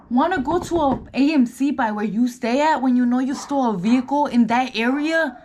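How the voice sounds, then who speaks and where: Chatty young woman with roots, high voice. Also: a little fast, a little mellow, a little hiss or hum. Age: young adult. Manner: chatty, filler-heavy, "like" and "you guys". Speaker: vlogger. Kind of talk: storytime while doing makeup. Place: indoors at home.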